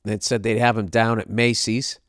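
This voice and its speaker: A man's voice: fairly low pitch, flat delivery, normal speed, fairly bright tone, dry recording, studio quality. A man hosting a podcast, telling a comic story in a profane, exasperated rant. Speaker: podcast host. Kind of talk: comedic monologue rant.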